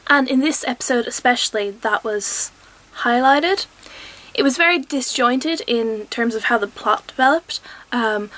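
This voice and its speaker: A woman's voice: fairly high pitch, fairly bright tone. A young woman reviewing a TV episode in casual, enthusiastic, rambling chat, often acting out quotes. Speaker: TV review vlogger.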